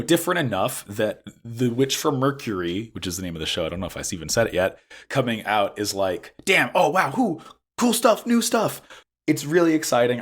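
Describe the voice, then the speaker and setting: A young man hosting a podcast in casual chat, hoarse from an illness, talking in an excitable, animated way. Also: fairly low pitch. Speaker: podcast host.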